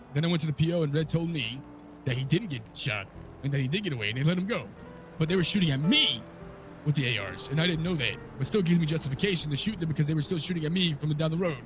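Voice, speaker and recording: A man recapping a wild story in character, swearing a lot and telling it with animated energy. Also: a little high, slight background noise.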